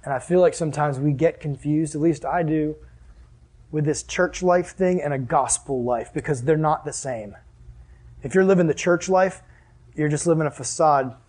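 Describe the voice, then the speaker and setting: A young man preaching a sermon as a youth pastor, animated, acting out scenes and asking the audience questions. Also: a little high, normal speed. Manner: animated, acts out scenes with sudden exclamations and laughs.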